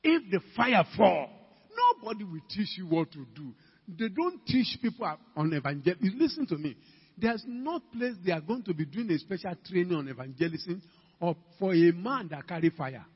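Ghanaian male preacher, emphatic sermon that climbs to shouts, raised pitch, dull reverberant hall recording. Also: big pitch swings, normal speed, slightly rough. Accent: Ghanaian English. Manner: emphatic, calls out to the congregation, rising to shouts. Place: church hall.

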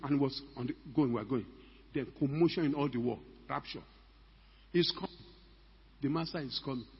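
A man's voice: mid-range voice, fairly quick, slightly rough. An older man preaching a sermon as a pastor, emphatic and full of rhetorical questions to the congregation. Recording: echoey hall, dull lo-fi sound.

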